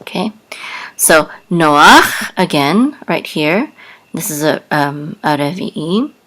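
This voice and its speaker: A woman's voice: deep voice, animated, slow, fairly bright tone. A woman teaching a language lesson, patiently spelling out sounds letter by letter. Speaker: Hebrew teacher. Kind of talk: slow spoken lesson.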